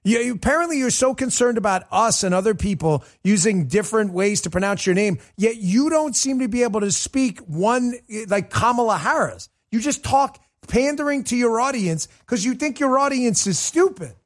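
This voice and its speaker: Man, high voice, talk show host, mocking, combative monologue. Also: expressive, moderate pace, few pauses.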